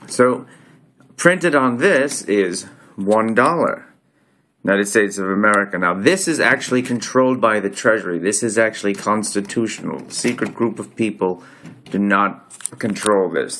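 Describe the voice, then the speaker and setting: A man's voice: lowish voice, moderate pace, fairly bright tone. Man rambling in a put-on accent. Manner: loose, rambling, self-interrupting delivery. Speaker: video host. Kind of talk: casual explainer, showing coins to the camera.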